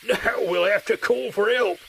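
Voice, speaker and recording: A man's voice: high voice, unhurried, vocal fry, noisy background, voice pushed up. A man voicing a kindly, friendly male train driver who worries over his engine, in a storybook reading. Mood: resigned. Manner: friendly, encouraging. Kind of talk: storybook character voice. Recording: loud music underneath.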